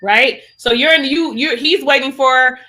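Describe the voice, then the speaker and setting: A woman's voice: sits high, measured pace. A woman co-hosting a podcast, chatting casually about a reality show and acting out quotes as she talks. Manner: chatty, animated, acts out quotes. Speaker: podcast co-host.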